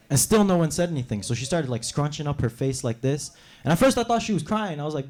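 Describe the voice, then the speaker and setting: A young man from New York doing a brash stand-up comedy set on a club stage, acting out characters in quick voices. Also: fairly high pitch, expressive, darkish tone. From New York City. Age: young adult.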